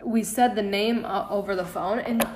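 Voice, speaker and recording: A woman's voice: medium pitch, steady tone, moderate pace. Young woman telling stories in an echoey room. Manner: candid storytelling, swears freely. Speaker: podcast co-host. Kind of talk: casual chat. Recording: echoey room, faint noise.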